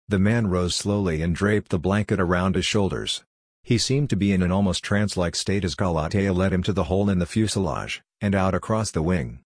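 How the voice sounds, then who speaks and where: A man narrating a science fiction story in a steady, plain reading voice. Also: deep voice, brisk, slightly rough, dry recording, studio quality. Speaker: audiobook narrator. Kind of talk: scripted narration.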